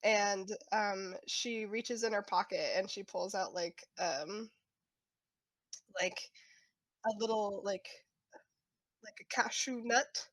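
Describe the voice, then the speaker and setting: A woman's voice: mid-range voice, slow, pauses often, no room sound. A woman playing in a tabletop game, describing her character's actions in a hesitant, filler-heavy way. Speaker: player.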